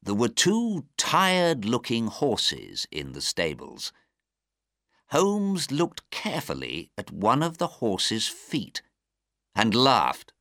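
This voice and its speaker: A man reading a storybook aloud in a slow, careful storytelling manner. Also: mid-range voice, wildly swooping pitch, sharp tone, no room sound, clean studio sound. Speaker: narrator.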